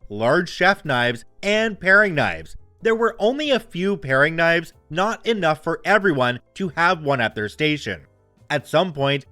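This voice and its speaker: A man's voice: on the high side, no room sound. A man hosting a show, reading online stories aloud with playful asides. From Canada. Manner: animated storyteller with playful asides.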